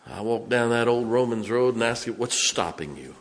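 A middle-aged man preaching a storytelling sermon in a church, folksy, swinging from loud to hushed. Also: mid-range voice, animated, normal speed. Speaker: pastor. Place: church sanctuary.

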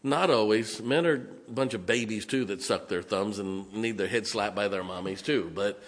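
A man's voice: lowish voice, normal speed. A middle-aged man preaching a sermon as pastor, folksy and joking, sometimes mocking whiny voices.

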